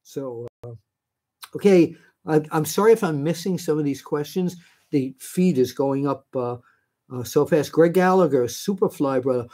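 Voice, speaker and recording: A man's voice: fairly high pitch, moderate pace, warm tone. An older man from New York hosting a live stream, answering viewer questions in a chatty, rambling way with many fillers. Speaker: host.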